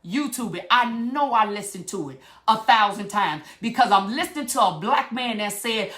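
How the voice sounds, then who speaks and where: A woman's voice: fairly high pitch, animated, normal speed, hardly any pauses, fairly bright tone. A middle-aged woman, giving an impassioned motivational talk straight to her viewers. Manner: fired-up preachy, talks straight to viewers. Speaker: vlogger.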